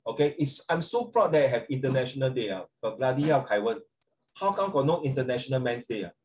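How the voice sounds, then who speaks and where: Speaking quickly in a sing-song, mid-range voice, this middle-aged secondary school English teacher lectures his class without a script. He chats and rambles, switches into Mandarin, and addresses students by name.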